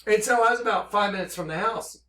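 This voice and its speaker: A man giving an impassioned religious monologue, intense and excitable, reading scripture slowly and emphatically, then telling his story at a rush. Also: high voice, reverberant. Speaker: religious speaker.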